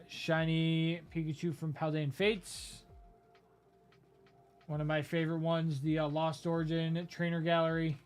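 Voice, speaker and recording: A man's voice: a little high, smooth. A man hosting a live card-break stream, rambling through a list of items with lots of fillers. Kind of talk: casual live-stream commentary.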